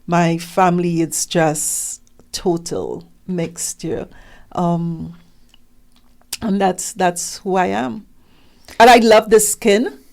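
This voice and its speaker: Emphatic middle-aged woman, lowish voice. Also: takes it slowly, gravelly, pauses often. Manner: animated and emphatic, acts out quoted questions. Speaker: guest. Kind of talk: conversational interview.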